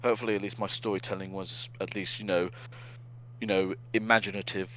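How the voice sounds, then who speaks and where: A man's voice: deep voice, little pitch movement, a little fast, sharp tone, slight background noise, rough recording. Give me a man who chats hesitantly. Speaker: podcast co-host. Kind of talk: casual chat.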